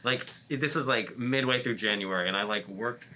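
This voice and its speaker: Bright-voiced rambling man. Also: on the low side, a little fast, slight background noise, rough recording. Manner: rambling, profane, full of "like" fillers. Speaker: comedian guest. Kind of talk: casual storytelling.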